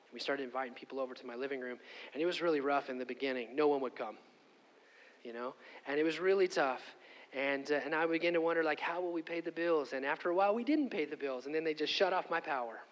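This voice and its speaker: A middle-aged man preaching a sermon and telling a personal story, conversational and animated, often asking "okay?". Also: fairly high pitch, fast talker. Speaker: pastor. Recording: long hall reverb.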